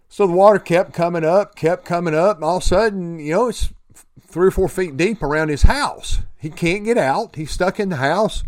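An earnest man, fairly high-voiced for a man, gives a motivational talk with stories and often repeats words and restarts his sentences. The recording is dry and close, with no echo. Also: moderate pace. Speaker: speaker sharing faith and recovery.

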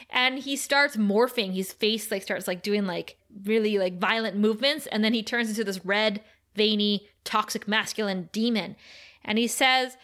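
Bright woman podcaster, animated recap, casual chat. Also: normal speed. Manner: animated storytelling, quotes characters with raised pitch. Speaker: podcast co-host.

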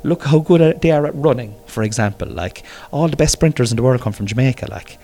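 A man's voice: medium pitch, animated, fast, dark tone. An Irish man ranting in a casual monologue, swearing freely and rambling with jokes. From Ireland. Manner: profane, rambling, joking. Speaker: vlogger.

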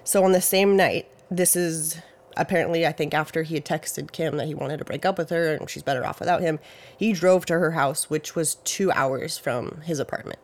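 This true-crime podcast host keeps things casual and rambling, leaning on "like" and "you know" and softening details with "I think" and "I believe." The voice sits in a mid pitch range and moves at a moderate pace.

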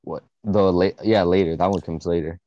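A man's voice: deep voice, steady tone, normal speed, dark tone, dry recording, lo-fi sound. A young man in his late teens, co-hosting a podcast, telling an emotional story in a rambling, swearing way full of filler words. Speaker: podcast co-host. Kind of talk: casual storytelling chat.

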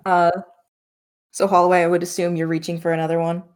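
A woman narrating as game master of a tabletop role-playing game, relaxed and loose with fillers. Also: fairly low pitch, quick pace.

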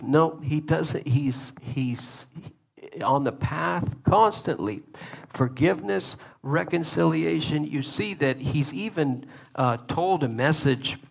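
A male preacher giving an earnest, emphatic sermon, often repeating himself and pausing on fillers. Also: medium pitch, creaky, fairly bright tone.

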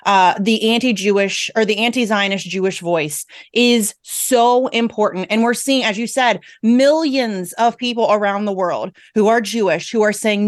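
A woman's voice: medium pitch, fairly quick, few pauses, dry recording, clean studio sound. A woman hosting a political talk radio show, speaking emphatically and with strong opinions.

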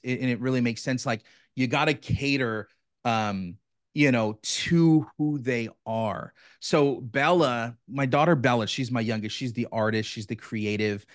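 A man with an average-pitched voice talks energetically as a podcast guest. He is enthusiastic and casual and often says "bro". The sound is dry and close to the mic. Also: a little slow, dry recording. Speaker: podcast guest, business coach. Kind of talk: casual chat.

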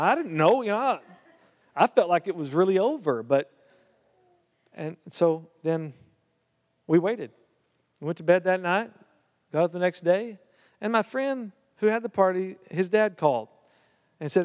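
A man's voice: sits high, expressive, normal speed. A man pastor telling a personal story in a sermon, then preaching with growing fervor. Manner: storytelling, rising to fervent preaching. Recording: long hall reverb.

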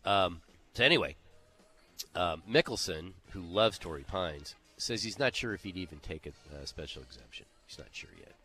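A man with a very low voice talks casually with a co-host, reading off scores and trading remarks. His tone is bright and forceful despite the depth. Faint music sits underneath. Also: lively intonation, moderate pace. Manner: runs down leaderboard, conversational with fillers. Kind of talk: casual golf chat.

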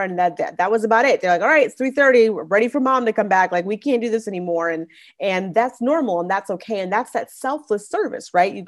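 Young woman host, relaxed talky delivery with filler-heavy restarts, voice sitting slightly low. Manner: chatty, many "like" fillers and restarts. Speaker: podcast host. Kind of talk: casual faith-based parenting monologue.

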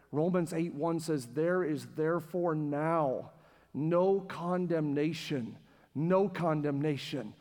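A man preaching a sermon as pastor to a congregation in a church, passionate and repetitive, building to near-shouting. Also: fairly high pitch. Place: church sanctuary with live congregation. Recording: long hall reverb with faint music.

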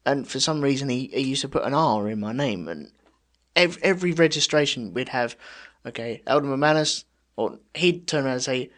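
A man co-hosting a podcast, chatting casually and telling stories in an animated, exasperated way. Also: mid-range voice, normal speed. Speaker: podcast co-host. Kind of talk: casual chat.

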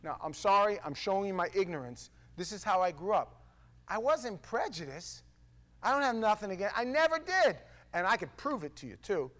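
Fast-talking New man telling stories. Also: sits high. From New York. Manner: animated storytelling with stammered restarts. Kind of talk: casual monologue to camera.

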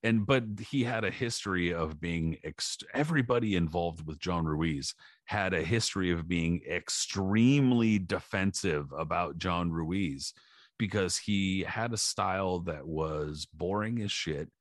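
A low-pitched man on a podcast, spinning a crude, animated story. His voice is close and dry, with no room sound. He keeps slipping into shouted impressions of the people he talks about. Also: unhurried, no echo. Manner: profane animated storytelling, acting out shouted quotes. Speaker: podcast co-host. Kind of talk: casual podcast chat.

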